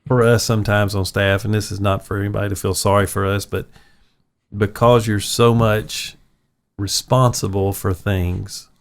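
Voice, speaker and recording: A man's voice: fairly low pitch, little pitch movement, normal speed. A man, a pastor hosting a casual faith chat, telling stories in an earnest, reflective way. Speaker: pastor and podcast host.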